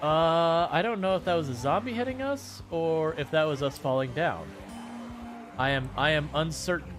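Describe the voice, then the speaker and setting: A man giving casual, excitable commentary on his own gameplay, reacting aloud and laughing often. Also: on the high side, moderate pace, music in the background. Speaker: gaming channel host.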